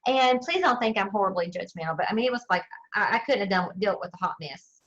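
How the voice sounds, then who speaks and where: Southern lady sales director, telling her story to the team, lots of y'all, middle pitch, kinda muffled lo-fi sound. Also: quick pace. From southern United States. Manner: chatty and expressive, addresses listeners as y'all. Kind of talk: motivational storytelling talk.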